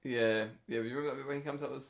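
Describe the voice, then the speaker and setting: A man's voice: mid-range voice, fairly even intonation, rapid-fire, vocal fry. A man co-hosting a film podcast in casual chat, rambling and hesitant, often trailing off. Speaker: podcast co-host.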